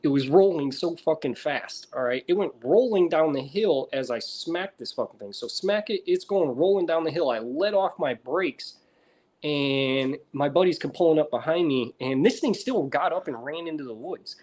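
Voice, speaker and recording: An American man in casual chat, swearing constantly and telling stories with animated energy. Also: on the high side, moderate pace. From United States. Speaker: reptile breeder streamer.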